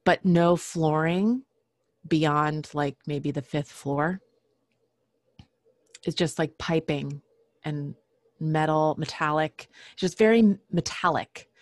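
Woman, low voice, slow pace, halting with fillers, frequent throat clearing. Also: no room sound. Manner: halting, many fillers and restarts. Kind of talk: casual personal storytelling.

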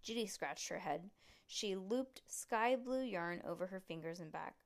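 A woman reading a children's book aloud to a child at home, with relaxed, chatty asides. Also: medium pitch, a little slow. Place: room at home.

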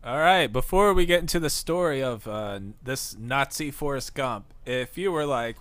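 A man's voice: mid-range voice, expressive, normal speed, hardly any pauses, a bit bright, no echo. Dry-sounding man co-hosting a podcast. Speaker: podcast co-host. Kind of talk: casual podcast chat.

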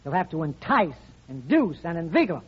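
A man's voice: fairly high pitch, very animated, fairly quick, husky, exaggerated voice. An actor playing a glib man who coaxes a girl into spying, in 1940s radio comedy. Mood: coaxing. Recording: dull old radio recording.

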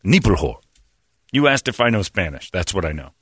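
Lively low-voiced man joking around. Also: brisk, husky, no echo, studio quality. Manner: joking, laughs often, mangles mock Spanish. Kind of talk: casual comedic banter.

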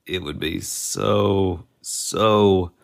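A man's voice: low voice, very slow, creaky. A man co-hosting a podcast in casual chat, joking, laughing and stumbling over his words. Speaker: podcast co-host.

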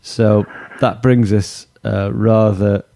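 A man's voice: on the low side, level tone, slow pace, creaky, warm tone. A man hosting a casual football podcast chat, jokey, laughing often and trailing off mid-sentence. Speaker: podcast host.

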